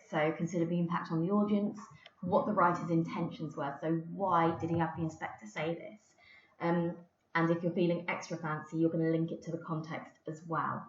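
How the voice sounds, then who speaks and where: A woman English teacher giving a recorded lesson, explaining patiently with the odd filler. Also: fairly low pitch. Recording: roomy, dull lo-fi recording.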